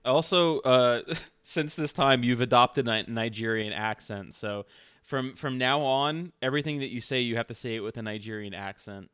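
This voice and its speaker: A man streaming and acting as game master, narrating casually with halting, amused delivery and frequent fillers. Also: mid-range voice, a bit bright, clean tone.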